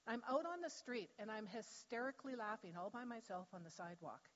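A woman sharing a personal testimony in church, telling her story in an animated way and laughing easily. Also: a little high, brisk. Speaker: church member giving testimony. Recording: dull sound with long hall reverb.

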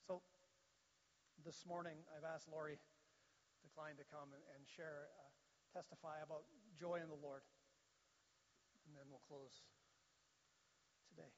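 A man's voice: on the high side, flat delivery, measured pace, pauses often, slight background noise. A man preaching a sermon as pastor, in a plain conversational way. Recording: dull sound with long hall reverb.

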